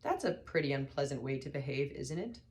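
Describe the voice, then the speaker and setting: A woman's voice: rumbling low, animated, brisk, darkish tone. A woman voicing a bewildered, awkward young man who stammers, in an audiobook reading. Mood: flustered.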